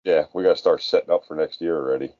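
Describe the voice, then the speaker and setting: A man's voice: rumbling low, steady tone, rapid-fire, dark tone, dull audio. A man co-hosting a casual racing podcast, chatty and full of offhand wisecracks. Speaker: podcast co-host.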